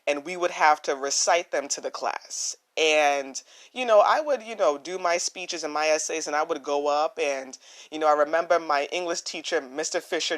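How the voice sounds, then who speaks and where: A young woman with a naturally low voice, hosting a solo podcast, earnest and reflective, often repeating her phrases for emphasis. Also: a bit bright. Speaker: podcast host.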